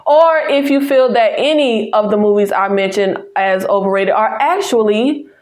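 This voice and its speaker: A woman's voice: mid-range voice, moderate pace, a little mellow. A woman from the American South with a Southern accent, hosting a casual movie review channel and chatting to viewers in a sassy, teasing way.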